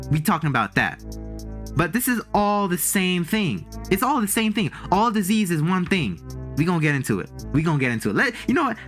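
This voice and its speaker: A man's voice: on the high side, a bit bright. A man giving a casual spiritual monologue as a streamer, emphatic and repetitive, chuckling between points. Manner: repetitive and emphatic, repeats key phrases. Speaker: streamer and vlogger.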